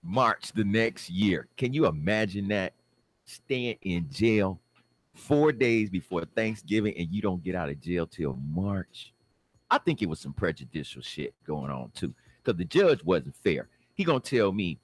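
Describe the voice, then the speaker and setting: Deep-voiced man with lively storytelling. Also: a little slow. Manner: animated, acts out the people in his story, laughs. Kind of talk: casual storytelling.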